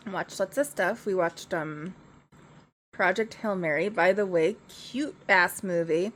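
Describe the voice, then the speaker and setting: A woman's voice: on the low side, slow pace. A young woman streamer chatting casually from home into a desk mic, rambling and laughing easily. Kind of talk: casual chat.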